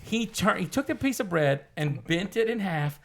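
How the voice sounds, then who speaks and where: A man, a podcast guest and comedian telling a comic story in a lively, drawling way. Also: high-pitched, moderate pace, vocal fry, slight background noise. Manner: lively, drawling storyteller who acts out other people's voices.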